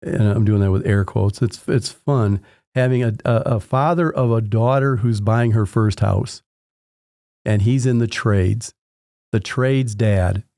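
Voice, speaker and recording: A man's voice: on the low side, measured pace, dry recording, studio quality. A man, a home inspector, telling anecdotes from his work in a conversational way and acting out the dialogue. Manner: animated anecdotes with acted-out dialogue. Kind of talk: conversational storytelling.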